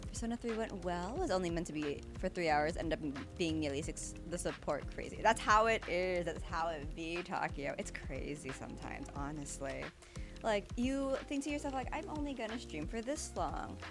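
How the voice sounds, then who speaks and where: A woman's voice: on the low side, lively intonation, moderate pace. A woman streamer chatting casually with her chat while she draws, bubbly and a bit chaotic. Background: background music.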